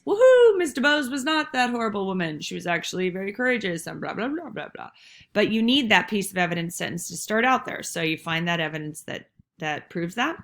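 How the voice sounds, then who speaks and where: A woman's voice: medium pitch, fairly bright tone. A woman teacher giving a casual, encouraging recorded lesson on essay writing, with frank asides.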